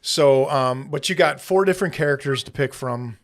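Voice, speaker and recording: Chatty podcast man with frequent ums. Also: mid-range voice. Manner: laughs often, halting with many ums. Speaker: podcast host. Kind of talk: casual chat.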